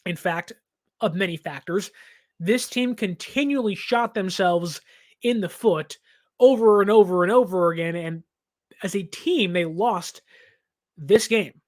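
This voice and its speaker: A man's voice: high-pitched, unhurried. A man in his twenties hosting a sports reaction show, talking in an emphatic, impassioned way and laughing now and then. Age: 20s.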